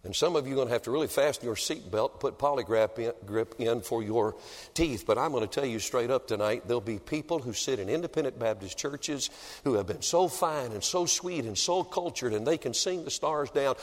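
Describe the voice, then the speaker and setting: A male evangelist preaching a revival sermon in a church, swinging dramatically between shouting and hushed tones. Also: mid-range voice, a little fast. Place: church building. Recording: long reverb of a large hall.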